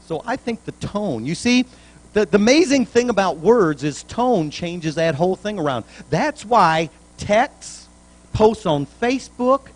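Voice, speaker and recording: A man's voice: sits high, expressive, unhurried, low-quality recording. A male pastor preaching a sermon in a church, in a folksy, plainspoken way with colloquial grammar.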